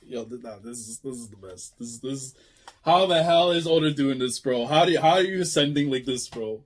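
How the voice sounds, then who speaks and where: A young man hosting an emotional reaction review of a comic chapter, excitable and slangy, swinging from hushed murmurs to near shouts. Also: mid-range voice, moderate pace. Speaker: channel host reviewing a manga chapter.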